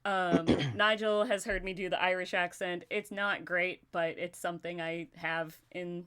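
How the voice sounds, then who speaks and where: A woman hosting a casual livestream chat, talkative and quick to laugh, often talking to herself as she goes. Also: fairly low pitch, fairly even intonation, fairly bright tone, smooth. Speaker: livestream host.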